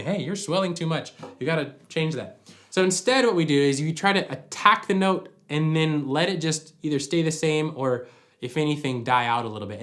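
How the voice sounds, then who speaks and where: A man's voice: mid-range voice, a bit bright. A man giving a practical singing lesson at home, explaining each point by demonstrating it. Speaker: vocal coach. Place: at home with a dog nearby.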